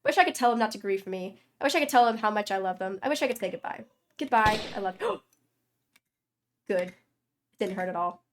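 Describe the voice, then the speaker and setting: A woman streamer reading a story game aloud, a dramatic reading broken by loud, sweary reactions. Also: mid-range voice, lively intonation, brisk, long pauses.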